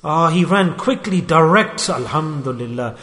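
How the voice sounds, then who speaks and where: A man's voice: on the high side, animated, a little slow, fairly bright tone. A middle-aged man preaching a sermon, telling stories and acting out the dialogue. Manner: storytelling, acts out dialogue, rising and falling delivery. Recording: echoey hall with long reverb.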